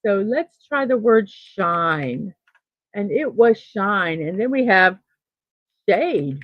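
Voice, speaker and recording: A middle-aged woman hosting a casual morning livestream, thinking aloud and reading out chat messages with soft laughs. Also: mid-range voice, very animated, slow pace, dry recording, highs cut off. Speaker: host of a daily morning livestream.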